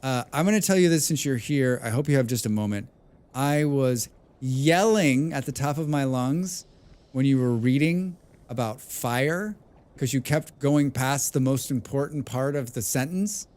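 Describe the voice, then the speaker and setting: A man with a mid-range, darkish voice speaks a little slowly while livestreaming a game. He thinks aloud, chats casually with viewers, and swears freely.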